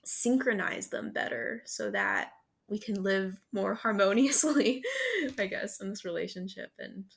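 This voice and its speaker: A woman's voice: medium pitch, measured pace, vocal fry, breathy edge. A young woman in her twenties hosting the interview, listening with frequent affirmations and talking casually with many fillers. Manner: warm listener, frequent "mm-hmm", laughs along, many fillers. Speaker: podcast host, interviewer. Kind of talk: casual conversation.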